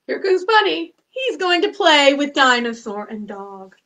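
A children's librarian leads storytime, singing songs and addressing small children in an exaggerated, sing-song way. Her voice is high-pitched and fairly bright, with big pitch swings and a slightly slow pace.

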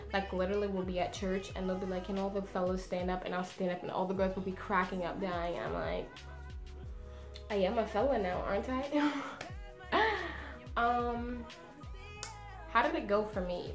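Young woman vlogging from her bedroom, chatty, lots of "like", roomy echo, a bit of music low behind. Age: 20s. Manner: chatty, laughs often, lots of "like". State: tired after a long day. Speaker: beauty vlogger. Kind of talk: casual chat to camera.

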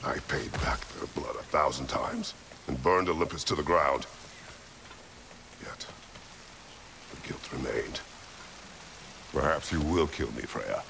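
A grim, aged war god, his voice extremely deep and heavily gravelly. He speaks slowly and solemnly in clipped lines. Game audio with steady noise underneath. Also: heavily acted. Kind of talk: video game voice acting.

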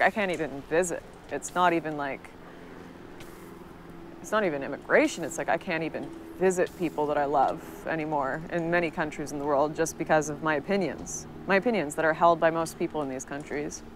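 A woman's voice: low-pitched, background noise. A young adult woman earnestly telling a personal story in a video monologue. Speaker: political commentator telling her story.

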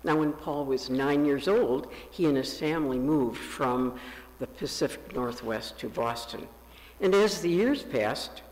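Slow gravelly man telling a story. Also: big-room sound. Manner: slow, lifts his pitch for quoted voices. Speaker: pastor. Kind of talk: sermon storytelling. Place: church sanctuary.

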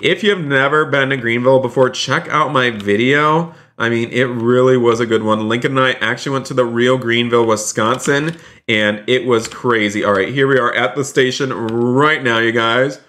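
An eager man commentates his game stream in a voice of ordinary pitch. He narrates every move to his viewers with constant exclamations and says many lines twice. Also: moderate pace, fairly bright tone. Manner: repeats phrases, keeps saying "you guys". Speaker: streamer playing a roleplay game.

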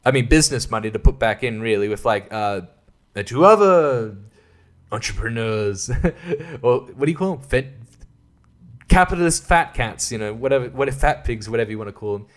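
A man runs a solo podcast in a loose, rambling rant. He swears often and trails off into asides. His pitch is ordinary for a man. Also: expressive, moderate pace. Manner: profane, rambling, laughs at his own jokes. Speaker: podcast host.

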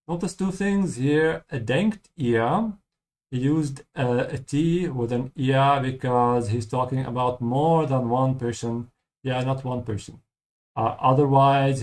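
A man teaching German through a game playthrough, patiently explaining words and repeating them slowly. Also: mid-range voice, darkish tone. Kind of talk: game playthrough language lesson.

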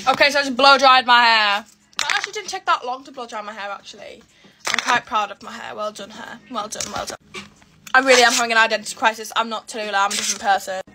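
Young british girl doing a grwm vlog, high bright voice, dramatic and chatty, faint hiss behind. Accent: British English.

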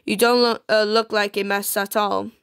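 Woman reading a soft-spoken gentle young man. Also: mid-range voice, flat delivery, moderate pace, vocal fry, clear, resonant tone.

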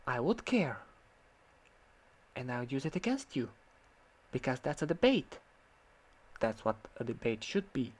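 Man, vlog rant, sarcastic, heated, swears a lot, mid-pitched voice. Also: sing-song, a little slow, pauses often. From Croatia. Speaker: vlogger. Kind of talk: ranting commentary on an online argument.

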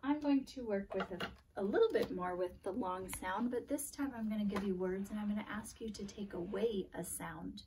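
A woman teacher giving a video phonics and grammar lesson at a board, sounding out letters slowly and clearly. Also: mid-range voice, dark tone, distant mic, a little hiss or hum. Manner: slow, deliberate sounding-out of letters.

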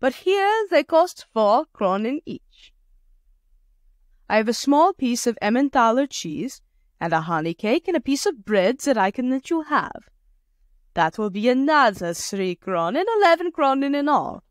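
A woman voicing a peasant woman who is calm and shrewd and speaks in a matter-of-fact way while she haggles. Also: on the high side, measured pace, dry recording, studio quality, voice pushed up.

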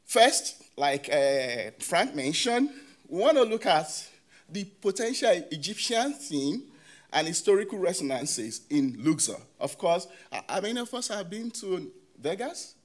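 High-voiced and sing-song, a man presents his research at a conference. He keeps backtracking, says "you know" a lot, and addresses questions to the people listening.

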